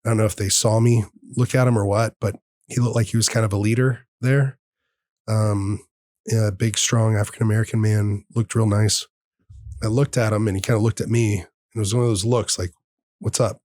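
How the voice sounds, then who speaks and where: A man's voice: lowish voice, fairly even intonation, fairly quick, a little mellow, dry recording, studio quality. A man in his thirties, a podcast host, telling a personal story in an earnest, heartfelt way and acting out the dialogue. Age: 30s. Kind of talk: personal storytelling in casual conversation.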